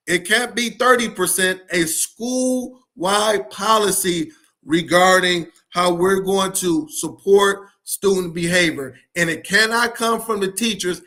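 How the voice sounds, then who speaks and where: A man speaks with passion and insistence, hammering his points home by repeating them. His voice sits high for a man and rings bright and forceful. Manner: emphatic, repeats key points. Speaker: education speaker. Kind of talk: passionate solo talk to camera.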